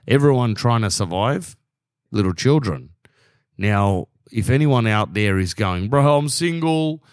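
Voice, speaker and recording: A man's voice: lowish voice, animated, measured pace, dry recording, studio quality. An Australian man in his thirties hosting a casual solo podcast, rambling and joking and calling the listener "bro". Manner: rambling, jokey, keeps saying "bro". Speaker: podcast host.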